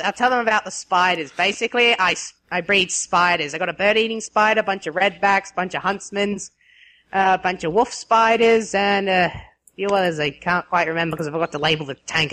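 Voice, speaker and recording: A woman's voice: medium pitch, brisk, bright, forceful tone. A woman with an Australian accent, co-hosting a casual podcast chat, blunt and swearing freely as she tells her stories. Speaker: co-host.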